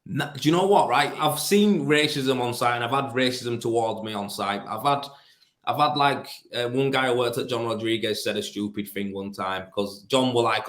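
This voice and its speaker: A man with a broad Yorkshire accent, talking bluntly and casually in an interview. He tells his stories with plenty of fillers and restarts. His voice sits at a middling pitch and carries a roomy echo. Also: a little fast, fairly bright tone. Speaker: plasterer and business owner.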